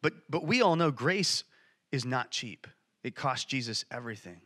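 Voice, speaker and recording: A man's voice: medium pitch, expressive, moderate pace, bright, forceful tone. A man preaching a sermon in church, telling a Bible story with passion and emphasis. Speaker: church speaker.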